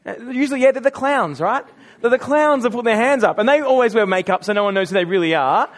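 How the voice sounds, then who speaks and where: An Australian man preaching with a notably high voice. He speaks in a relaxed, chatty way and pokes fun at himself as he tells stories from the pulpit. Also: quick pace. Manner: conversational storytelling with self-mocking humor. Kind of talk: sermon.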